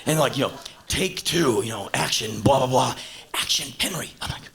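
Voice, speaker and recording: A man, telling stand-up stories on stage and acting out characters with sudden shouts. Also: normal speed, gravelly. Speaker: stand-up comedian. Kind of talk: stand-up storytelling. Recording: low-quality VHS tape of a live show.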